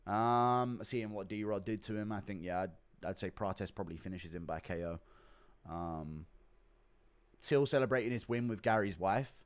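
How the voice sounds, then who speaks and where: A man's voice: fairly low pitch, normal speed, smooth. A young man hosting a live stream, reading donations and joking crudely between laughs. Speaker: streamer host.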